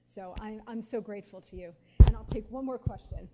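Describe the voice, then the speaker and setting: A woman in her forties, a guest speaker telling stories at a live question-and-answer session, animated and laughing often with lots of casual fillers. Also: mid-range voice, a little fast, heavy background noise. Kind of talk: storytelling at a live Q&A.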